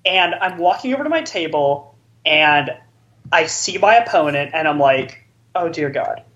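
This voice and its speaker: A man co-hosting a podcast spins a casual, wandering tale for his friends, peppering it with many likes. The voice is a little high and lively in intonation, moving at normal speed with a bit of brightness, and the recording is lo-fi.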